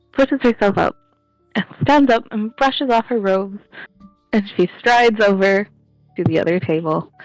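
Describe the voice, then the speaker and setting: A woman's voice: medium pitch, no echo, low-quality recording. Casual, giggly female player; dry, close mic. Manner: giggly, uses "like" often. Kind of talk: casual tabletop game play. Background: background music.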